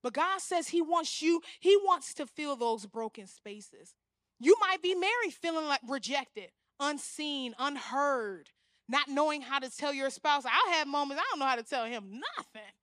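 A young woman preaching a sermon, animated, often acting out the voices she quotes. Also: high-pitched, moderate pace, no room sound, studio quality. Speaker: guest speaker.

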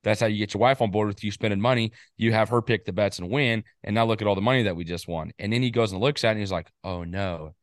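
A man with a slightly low voice talks football on a casual podcast. He rambles and gets excited, stacking up quick asides. The sound is dry and close. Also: no echo. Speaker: podcast co-host. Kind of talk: casual sports chat.

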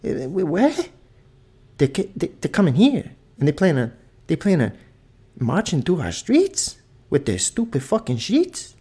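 A man's voice: fairly high pitch, wildly swooping pitch, unhurried, warm tone, breathy edge, voice pushed up, full character voice. A man putting on an outraged Italian immigrant. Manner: indignant, sputtering, repeated no's.

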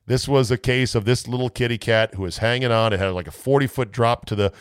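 A man hosting a sports podcast, chatting loosely and mocking himself, often jumping into high playful voices. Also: fast talker, clean tone, dry recording, clean studio sound. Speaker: sports radio host. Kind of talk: casual podcast monologue.

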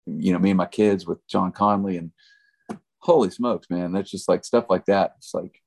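A man's voice: deep voice, normal speed, creaky, darkish tone. A middle-aged man, a country musician guest, telling stories in a laid-back, rambling way with lots of fillers. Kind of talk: casual storytelling chat.

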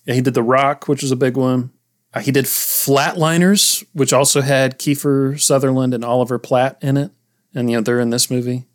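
A man's voice: mid-range voice, fairly even intonation, normal speed. A man co-hosting a movie podcast, casually reading out film facts and laughing often. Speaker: podcast co-host.

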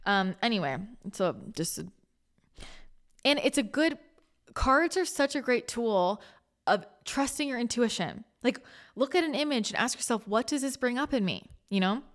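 A woman's voice: on the high side, expressive, a little slow. Female host, casual rambling spiritual talk, emotional edge. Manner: chatty, rambling, with frequent restarts. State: emotional, near tears. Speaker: spiritual channel and podcast host.

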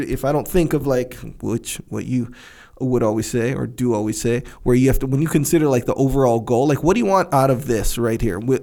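A man's voice: mid-range voice, gravelly, a little mellow. Rambling, reflective male podcast co-host. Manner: rambling, many fillers and restarts, reflective. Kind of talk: casual podcast discussion.

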